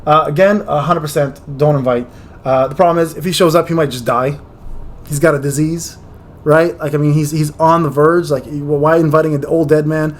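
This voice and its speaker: A man hosting a gaming video, giving casual, rambling, slangy tier-list commentary with jokes and quick restarts. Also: fairly high pitch, steady tone.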